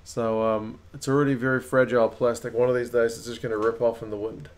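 A man's voice: mid-range voice, level tone. New Zealand man commentating rugby live. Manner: rises and quickens at close plays. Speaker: rugby watch-along host. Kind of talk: live match commentary and chat.

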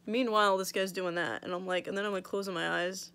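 A woman's voice: medium pitch, fairly even intonation, fast talker, hardly any pauses, a bit bright. A young woman vlogging casually about her oral surgery recovery, blunt and full of "like", swearing freely, her mouth still swollen. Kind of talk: casual storytelling vlog.

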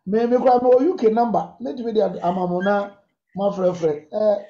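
A man's voice: high-pitched, steady tone, fairly quick, mellow. A man, a bishop giving emphatic, preacherly counsel on marriage questions to a congregation. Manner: emphatic, preacherly, switches freely between languages. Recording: echoey, dull lo-fi sound.

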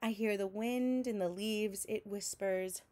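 A woman teacher reading a picture book aloud to children in a slow, clear storytelling manner, making sound effects with her voice between lines. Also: medium pitch, fairly even intonation, darkish tone, a little hiss or hum. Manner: adds vocal sound effects between narration.

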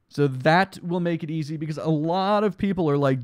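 A man's voice: a little high, moderate pace, hardly any pauses, clean tone, dry recording, studio quality. A young man streaming a block game live, chatting casually and reading his chat aloud, tired from lack of sleep. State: sleep deprived, yawning.

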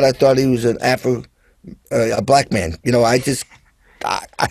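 A man's voice: mid-range voice, brisk, darkish tone, no room sound. A man as a guest drummer, telling stories in casual chat and animatedly acting out the voices of people he quotes. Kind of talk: casual storytelling.

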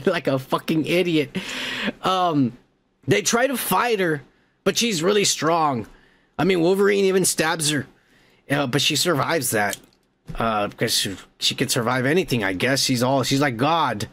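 A man's voice: fairly high pitch, expressive, a little slow, vocal fry, fairly bright tone. A man hosting a podcast who recaps a film in a rambling, profane, casual way. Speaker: podcast host.

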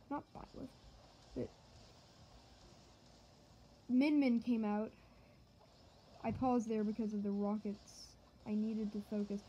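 A woman giving joking let's-play commentary to her viewers, excitable and yelping at the game. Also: medium pitch, dull audio, a little hiss or hum. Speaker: gaming channel host.

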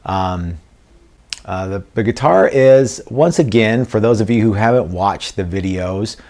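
Low-voiced man, rambling workshop vlog. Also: a little slow, a little mellow. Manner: rambling and joking, trails off into low mumbled fillers, corrects himself. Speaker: guitar builder and channel host.

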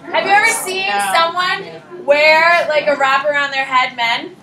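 A woman teacher lecturing a high school class in a chatty, informal way, short on sleep and quick to laugh at herself. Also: steady tone, crowd noise. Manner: chatty, informal, self-deprecating. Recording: roomy classroom echo.

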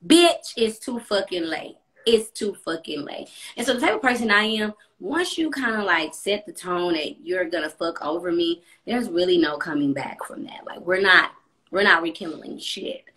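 A woman's voice: lowish voice, expressive, normal speed, pushed and bright. A young woman livestreaming from her apartment, telling a personal story in a blunt, profane, chatty way. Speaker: live streamer. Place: apartment room at home.

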